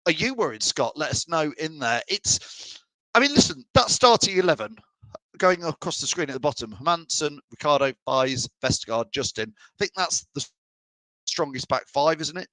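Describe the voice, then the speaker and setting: A man's voice: on the high side, a bit bright, dry recording, low-quality recording. A middle-aged man from England hosting a live fan show, chatting and teasing as he reads out viewers' messages. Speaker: fan channel host. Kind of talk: live stream chat reading comments.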